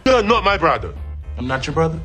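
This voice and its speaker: A male actor in a film scene, speaking emphatically and haltingly. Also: fairly high pitch, sing-song, sharp tone, soft background music.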